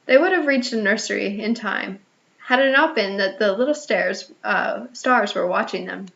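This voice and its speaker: A woman narrating a children's storybook in an expressive reading voice, with small restarts. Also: medium pitch, normal speed, gravelly. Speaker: audiobook reader. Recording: slightly muffled lo-fi audio.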